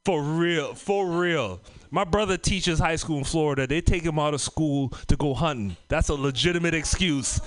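Trinidad-raised guy doing standup in a club, high voice, cracks himself up a lot. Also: moderate pace. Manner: loose, laughing, profane storytelling. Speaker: stand-up comic. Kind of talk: stand-up set.

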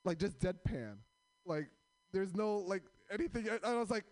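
A man's voice: sits high, normal speed, a little mellow, dry recording. A man doing stand-up comedy with crowd work, rambling and self-deprecating as he stops and starts over his fillers.

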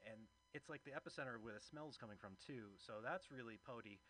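A man's voice: mid-range voice, brisk, fairly bright tone, a little hiss or hum, poor audio. A man doing a stand-up comedy set, telling a rambling story with chuckles, and acting as emcee.

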